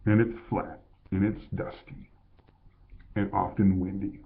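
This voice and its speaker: Older man from Colorado, low voice, rambling casual vlog talk, thin phone-like audio. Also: level tone, a little slow, creaky. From Colorado, USA. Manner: rambling, conversational, with self-corrections. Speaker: vlogger. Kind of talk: casual monologue. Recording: tinny phone-like sound.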